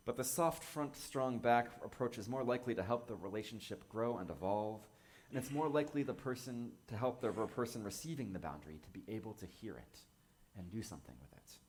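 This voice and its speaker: Gentle, low-voiced male minister. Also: lively intonation, a little hiss or hum. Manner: gentle, measured, reflective. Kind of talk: sermon.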